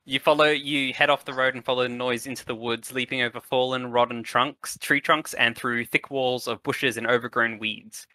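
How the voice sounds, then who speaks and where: A man's voice: medium pitch, fairly even intonation, normal speed, few pauses, sharp tone, no room sound. A man acting as game master, narrating a tabletop game in a loose, partly improvised way. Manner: loose, hesitant, with fillers when improvising.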